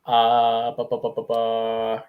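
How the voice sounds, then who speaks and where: A man's voice: mid-range voice, monotone, slow pace, phone-quality sound. A man co-hosting a podcast, recapping a comic in a casual, crude and joking way and acting out the characters' quotes. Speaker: podcast co-host.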